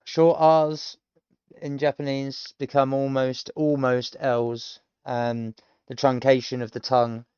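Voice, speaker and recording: Taking it slowly in a flat, medium-pitched voice that is smooth and a little mellow, a British streamer in his thirties offers casual commentary on his self-taught language study. He explains pronunciation, rambling with lots of ums, on a dry, dull-sounding recording.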